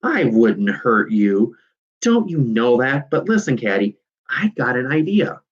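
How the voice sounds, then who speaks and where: A man's voice: on the low side, animated, a little slow, breathy edge, lo-fi sound, exaggerated voice. A man doing an eager, scheming farm boy. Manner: eager, full of ideas.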